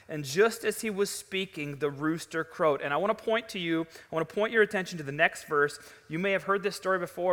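A man's voice: high-pitched, fairly quick, sharp tone. A man preaching a sermon to his congregation in a conversational, storytelling way, in a large church sanctuary. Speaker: pastor. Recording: long reverb of a large hall.

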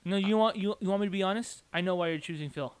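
A man's voice: high-pitched, very fast, smooth. A young man co-hosting a sports podcast, teasing his co-host and hyping his picks like an announcer. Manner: playful trash talk, hyped announcer bits. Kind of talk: casual sports chat.

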